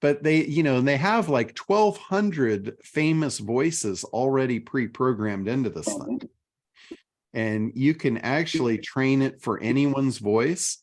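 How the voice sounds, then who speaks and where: A middle-aged man chats casually as host of a talk show, his pitch sitting right in the middle range for a man. He tells stories with animated energy, slipping quoted lines into his talk. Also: slow pace. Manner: animated storytelling. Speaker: podcast host. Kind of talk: casual chat.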